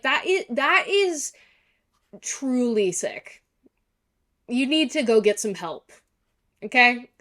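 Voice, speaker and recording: A woman giving a casual reaction commentary on a show, gushing and excitable, swearing freely. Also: on the high side. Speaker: YouTuber.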